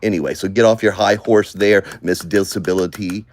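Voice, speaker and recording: A man vlogging casually, muttering to himself as he scrolls through comments, then breaking into loud rants. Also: low voice, steady tone, fairly quick, no echo.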